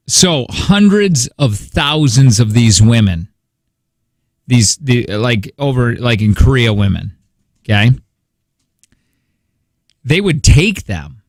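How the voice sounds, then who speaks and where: A man's voice: medium pitch, dry recording. A man hosting a morning radio show, joking and laughing often through rambling casual banter in a studio. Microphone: studio microphone.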